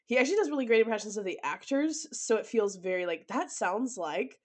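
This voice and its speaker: A woman's voice: a little high, animated, a little fast. A woman co-hosting a podcast in casual book chat, blunt, swearing freely and leaning on "like". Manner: chatty, leans on "like". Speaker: podcast co-host.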